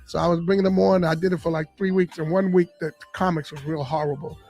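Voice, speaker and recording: A man, a comedian and radio personality, telling stories from his life in an animated interview style and acting out the voices of people in them. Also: on the high side, fast, faint music behind. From Boston area. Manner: animated storyteller, acts out quoted voices. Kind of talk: storytelling interview. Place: podcast studio.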